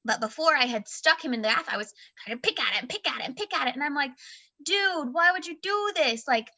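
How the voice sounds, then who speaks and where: A woman in her thirties with a high, bright voice, co-hosting a casual book club podcast. She tells stories in an animated, expressive way and acts out the voices of the people she quotes. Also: very fast. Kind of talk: casual storytelling chat.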